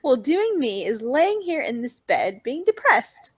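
Giggly woman with a high voice. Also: very animated, measured pace, breathy edge, no room sound. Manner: giggly, gushes with affection. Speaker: podcast co-host. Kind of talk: casual chat.

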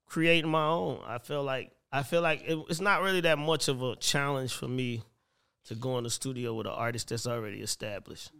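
A man's voice: medium pitch, fairly quick, gravelly, bright, forceful tone, clean tone. A man speaking as a guest producer in casual conversation, laid-back and matter-of-fact.

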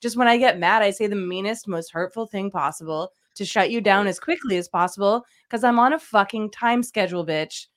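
A woman's voice: medium pitch, fairly quick, few pauses. Blunt joking woman podcaster. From Massachusetts. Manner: blunt, joking, swears freely. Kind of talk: casual podcast chat.

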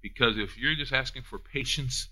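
Animated folksy male preacher. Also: moderate pace. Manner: animated preaching, swinging from loud high peaks to soft hushed asides; folksy, uses down-home phrasing. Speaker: pastor. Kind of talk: sermon.

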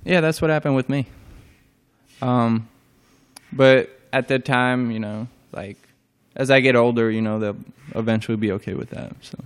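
A young man answering interview questions hesitantly, with many pauses and fillers and short replies. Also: medium pitch, steady tone, clear, resonant tone. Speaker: interview guest.

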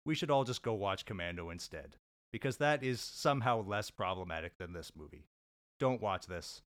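A man's voice: fairly low pitch, lively intonation, moderate pace, fairly bright tone, no echo, studio quality. A man making a mock-indignant comedic argument against a movie, emphatic and scornful. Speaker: podcast co-host making an opening statement.

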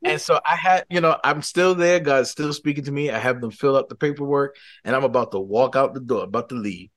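A man, a podcast guest, giving a personal faith testimony as an animated storyteller who restarts his sentences often. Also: medium pitch, fairly quick, hardly any pauses.

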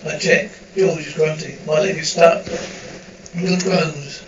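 A man's voice: fairly high pitch, fairly even intonation, takes it slowly, a little hiss or hum. A man reading out a screenplay's stage directions in a plain, matter-of-fact way. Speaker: audio description narrator. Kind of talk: reading a script aloud. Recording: roomy, distant, muffled recording.

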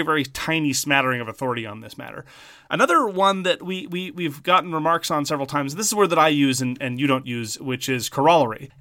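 Podcast co-host, male, Montreal Irish Anglo accent; bright, dry close sound; wry, fussy about words. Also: medium pitch, dry recording. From French Canada. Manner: wry, wordy and pedantic. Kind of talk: casual podcast chat.

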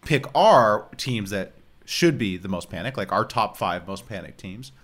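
A man hosting a casual sports podcast, talking in a dry, halting way and trailing off at the ends of sentences. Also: lowish voice, expressive, fairly bright tone. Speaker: podcast host.

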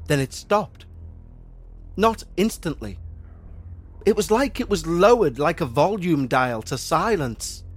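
A man's voice: a little high, animated, slow pace, long pauses, husky, faint music behind. Man narrating an eerie story. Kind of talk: scripted narration.

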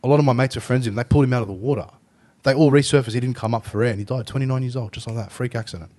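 Racing along in a medium-pitched voice, an Australian podcast host chats casually and curses freely. As an animated storyteller, he performs the voices of the characters in his tales.

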